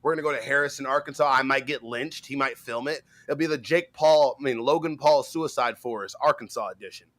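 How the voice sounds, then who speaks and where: A man co-hosting a live stream, chatting casually and breaking into loud shouted rants. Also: mid-range voice, brisk, few pauses. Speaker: co-host of a live stream show.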